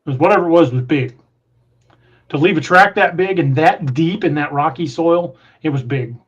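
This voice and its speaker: A man's voice: fairly high pitch, normal speed, husky. A man hosting a podcast in casual chat, telling a story in a rambling way with frequent restarts. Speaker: podcast host. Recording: muffled lo-fi audio.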